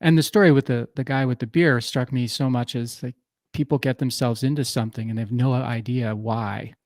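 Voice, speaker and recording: A man's voice: mid-range voice, fairly even intonation, a little fast, a little mellow. A man hosting a podcast, chatting casually and laughing easily with his guest. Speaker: podcast host. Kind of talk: casual interview chat.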